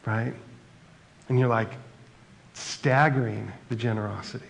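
Male pastor, mid-pitched with a gravelly edge, conversational sermon delivery. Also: fairly even intonation, moderate pace, long pauses. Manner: conversational preaching, reads scripture aloud.

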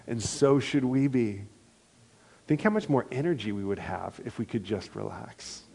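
A middle-aged male pastor preaching a sermon and leading a responsive reading in a slow, soft, unhurried way. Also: medium pitch, animated, gravelly, slightly rough.

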